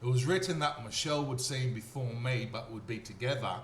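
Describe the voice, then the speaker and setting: A man's voice: mid-range voice, brisk. A man with an Australian accent giving a rambling, earnest personal testimony and often checking in with his listener. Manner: earnest, repetitive, checks in with "okay?". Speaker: storyteller. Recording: roomy echo, faint noise.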